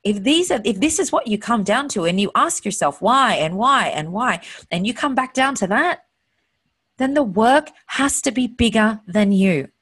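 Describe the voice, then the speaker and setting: A woman's voice: a little high, lively intonation, normal speed, a bit bright, slightly rough. A woman hosting her own show, giving an earnest, heartfelt and openly emotional motivational monologue. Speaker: host.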